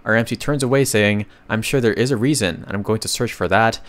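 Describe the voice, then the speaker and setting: A man's voice: fairly low pitch, a little fast. A man narrating a comic story recap in a casual, chatty way, reading the characters' lines aloud and adding slangy asides.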